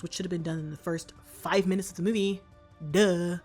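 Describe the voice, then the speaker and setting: A woman's voice: fairly low pitch, steady tone, fairly quick, a little mellow, faint music behind. A woman vlogger giving a comic movie recap in slangy, profane talk.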